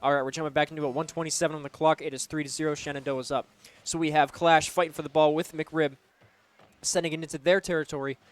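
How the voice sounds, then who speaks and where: A young man casting a college esports match, calling plays in a loose, excitable way with lots of fillers. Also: a little high, fast talker. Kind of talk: play-by-play commentary.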